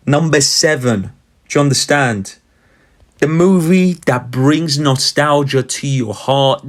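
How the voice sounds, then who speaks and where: A young man giving a brash, swearing, comic rant as he counts down his favourite movies on his vlog. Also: mid-range voice. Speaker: vlogger.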